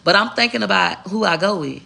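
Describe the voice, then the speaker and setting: A woman's voice: medium pitch, animated, a little fast, vocal fry, sharp tone. A woman vlogger telling a personal story in a candid, blunt and profane way. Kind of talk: casual storytelling to camera.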